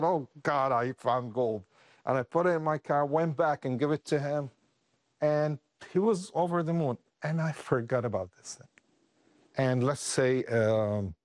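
Earnest man telling a story haltingly. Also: on the low side, darkish tone, no echo, studio quality. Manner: earnest, halting with restarts, rising with emotion. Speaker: interview guest, refugee aid worker. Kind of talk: emotional personal storytelling.

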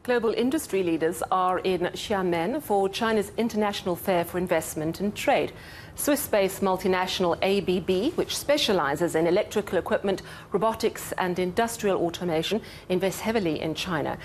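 A woman anchor reading scripted news in a measured, steady way. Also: lowish voice, a little hiss or hum.

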